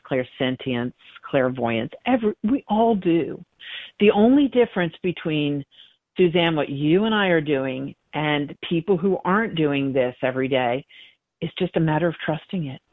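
A woman's voice: low voice, lively intonation, moderate pace, no echo. A woman guest who works as a psychic medium, telling stories of her readings in an earnest, repetitive way. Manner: earnest, repeats words and restarts often. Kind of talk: conversational storytelling. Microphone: phone. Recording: tinny phone line.

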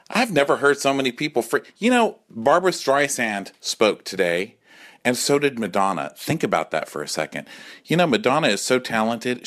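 Campy, animated man in his forties. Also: fairly low pitch. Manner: campy, animated, profane, acts out voices. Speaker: comedy podcast host. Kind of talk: comic monologue. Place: home.

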